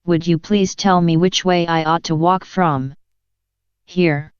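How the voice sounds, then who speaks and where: A woman's voice: on the low side, steady tone, slow, smooth, no echo. Woman reading as polite young Alice. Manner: politely questioning. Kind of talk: audiobook character reading. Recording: dull lo-fi sound.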